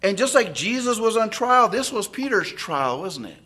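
A man's voice: sits high, very animated, moderate pace, bright, forceful tone, husky. A man preaching an expository sermon, often checking in with listeners through tag questions.

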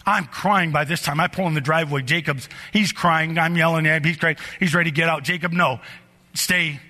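A middle-aged man preaching a sermon in a church, telling personal stories in an animated way that climbs higher and louder as the story builds. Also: fast. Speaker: pastor. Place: church sanctuary. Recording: long hall reverb.

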